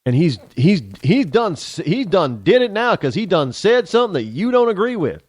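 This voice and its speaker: A man's voice: high-pitched, sing-song, normal speed, a little mellow, no echo. A man from the United States hosting a talk show, ranting sarcastically in an opinionated monologue.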